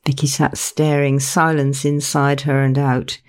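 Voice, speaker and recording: A woman narrating her own novel in a measured, unhurried reading. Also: deep voice, steady tone, darkish tone. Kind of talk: audiobook narration.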